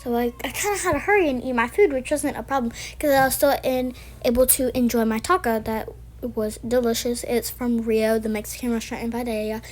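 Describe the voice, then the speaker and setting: A high-pitched woman with a drawl chats through a casual storytime vlog. She rambles and circles back, restarting her sentences as she goes. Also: steady tone, fairly quick, darkish tone, rough recording. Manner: rambling, chatty, with many restarts and fillers. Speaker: vlogger.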